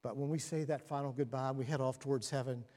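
A man preaching a sermon, moving from quiet and solemn to animated storytelling. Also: quick pace. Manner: animated storytelling, rising to excited, laughing highs. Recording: long reverb of a large hall.

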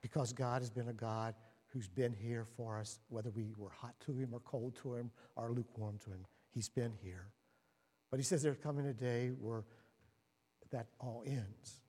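Man preaching in an echoing hall. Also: normal speed. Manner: animated storytelling, rising to excited, laughing highs. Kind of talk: sermon. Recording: long reverb of a large hall.

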